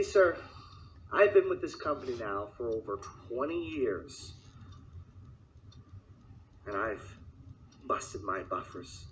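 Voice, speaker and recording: A man's voice: fairly high pitch, pushed and bright, slight background noise, full character voice, poor audio. A man voicing a resentful, long-serving railway employee, mock-polite and bitter.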